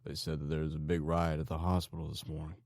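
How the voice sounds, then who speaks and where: A man's voice: extremely low pitch, flat delivery, fast, a little mellow, dry recording, studio quality. A man voicing a serious, plain-spoken husband and father.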